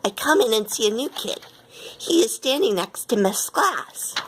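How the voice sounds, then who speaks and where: A woman reading a children's picture book aloud in an expressive way. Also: fairly high pitch, measured pace, husky. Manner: expressive, with lively quoted lines. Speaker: storyteller.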